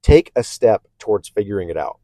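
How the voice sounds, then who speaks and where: A man with a lowish voice talks through a casual self-help podcast monologue in a candid, reflective way. He restarts sentences and often checks in with the listener by asking "okay?". The sound is close and dry, with no room echo. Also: big pitch swings, fairly quick, mellow. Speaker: podcast host.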